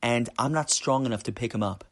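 Man voicing a frightened boy, apologetic, pleading, plain low-key delivery. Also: fairly quick, natural voice. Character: frightened twelve-year-old boy, apologetic.

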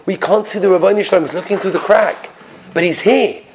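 High-voiced animated preacher man. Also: brisk, background noise. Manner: animated storyteller, drops to quiet whispers for emphasis; asks the audience rhetorical questions. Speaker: rabbi giving a weekly Torah talk. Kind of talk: storytelling sermon.

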